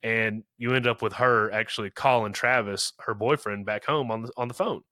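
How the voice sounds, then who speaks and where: A man's voice: on the low side, steady tone, moderate pace, bright, forceful tone, dry recording, clean studio sound. A man in his thirties co-hosting a podcast, recapping a movie in casual chat, rambling with lots of fillers and acting out quotes. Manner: rambling, many "you know" fillers, acts out quotes. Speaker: podcast co-host.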